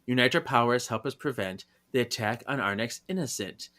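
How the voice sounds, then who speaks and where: A male podcast co-host recaps a story in casual conversation, animated, pushed and bright. He giggles often and acts out the characters' lines in quick, high voices.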